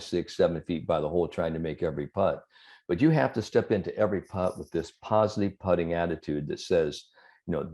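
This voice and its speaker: A man, a sports psychologist, talking as an interview guest and telling anecdotes in a lively, chuckling way. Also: low-pitched. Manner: animated storyteller, chuckles through anecdotes. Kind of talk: conversational interview storytelling.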